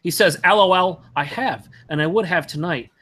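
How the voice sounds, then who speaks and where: A man's voice: sits high, moderate pace, fairly bright tone. A man teasing and swearing bluntly at others on a casual group video chat.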